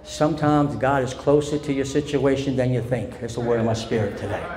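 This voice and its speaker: Male pastor preaching a sermon. He is fervent and swings between loud and soft, and it is recorded in a church with a long echo and faint noise. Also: medium pitch, fairly even intonation, brisk. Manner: impassioned preaching that swings from loud declarations to quiet storytelling. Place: church sanctuary.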